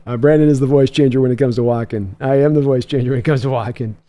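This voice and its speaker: A man's voice: medium pitch, warm tone. A man hosting a casual livestream, chatty, reading viewer comments aloud and chuckling often. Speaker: host.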